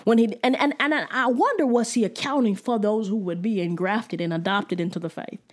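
An excited woman preaching a fervent Bible teaching, talking colloquially with frequent restarts. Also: mid-range voice, fairly quick. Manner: enthusiastic, fervent, laughing often. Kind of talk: sermon.

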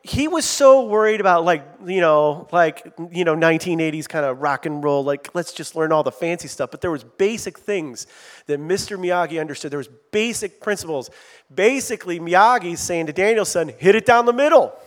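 A middle-aged man preaching a sermon in a lively, conversational way, with asides to his congregation. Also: a little high, moderate pace. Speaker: pastor.

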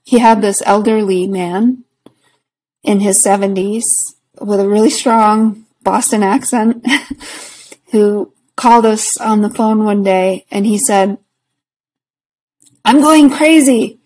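A woman guest in a casual conversation who speaks reflectively and earnestly and laughs softly between thoughts. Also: medium pitch, steady tone, slow pace, rough recording. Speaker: podcast guest, spiritual practitioner.

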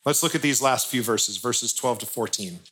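A man's voice: mid-range voice, moderate pace, fairly bright tone. A male pastor giving an earnest, conversational sermon with touches of light humor.

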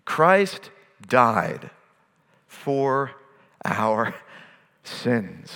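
A man preaching a sermon, earnest, slowing down to stress key phrases and letting his voice fall at the ends of lines. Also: medium pitch, very animated, pushed and bright, in a large hall. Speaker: pastor.

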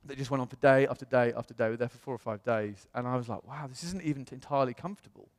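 A man, a pastor, telling a personal story in a sermon in a chatty, animated way. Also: mid-range voice, racing, in a large hall. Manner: chatty storytelling, animated voices when quoting others.

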